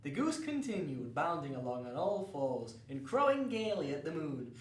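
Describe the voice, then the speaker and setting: A man's voice: a little high, normal speed. Upbeat guy hosting a kids story show, voice bounces around a lot, echoey and far from the mic. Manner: cheery, exaggerated storyteller, lively. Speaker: host of a children's story show. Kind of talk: comic storybook narration. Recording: roomy, distant mic with faint noise.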